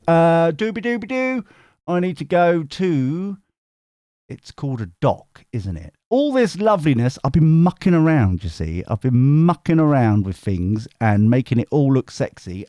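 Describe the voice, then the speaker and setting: A man chatting casually on a live stream, teasing his viewers in a fond, joking way. His pitch sits a little high and swoops up and down all the time. The sound is close and dry, with no room around it. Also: darkish tone, dry recording. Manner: playful, teasing banter with chat. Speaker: tarot reader hosting a livestream. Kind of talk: casual livestream chat.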